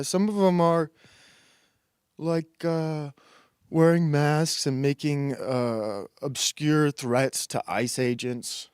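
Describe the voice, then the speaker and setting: A man's voice: on the high side, darkish tone, clean tone, no room sound, clean studio sound. Crude sarcastic man ranting. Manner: crude, sarcastic, rambling with laughs and mock voices. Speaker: host. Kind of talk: comedic commentary monologue.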